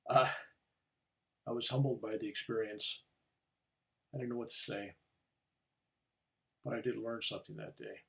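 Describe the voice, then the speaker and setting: An older man, a reverend, telling a personal testimony in an earnest storytelling way that rises to loud urgency. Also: fairly low pitch, creaky, husky.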